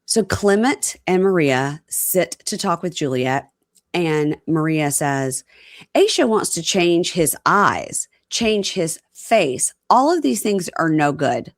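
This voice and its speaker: Co-host, woman, lower register, lively storyteller who mimics the people she quotes. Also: slow, no room sound, studio quality. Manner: animated retelling, acting out quotes. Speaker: podcast co-host recapping reality TV. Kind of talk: casual chat.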